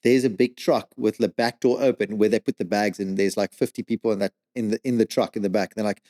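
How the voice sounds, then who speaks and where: A man telling a story as a podcast guest, animated and swearing, with lots of "like" and "dude.". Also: fairly low pitch, quick pace. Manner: animated, swears a lot, says "like" and "dude" often. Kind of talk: casual storytelling.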